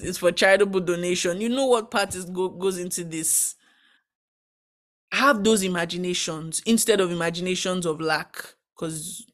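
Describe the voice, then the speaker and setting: A young adult woman giving a casual devotional sermon, animated and exclamatory, often breaking into praise. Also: mid-range voice. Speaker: devotional speaker.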